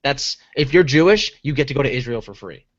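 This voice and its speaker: A man's voice: medium pitch, expressive, brisk, dull audio. A man co-hosting a podcast in casual chat, telling a rambling story full of restarts. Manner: rambling, self-interrupting storyteller. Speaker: podcast co-host.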